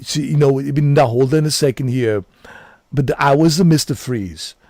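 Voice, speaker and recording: A man doing an impression of a muscle-bound former governor with a thick Austrian accent, talking in halting, boastful bursts. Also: mid-range voice, steady tone, warm tone, no room sound, studio quality, close to an everyday voice. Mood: boasting.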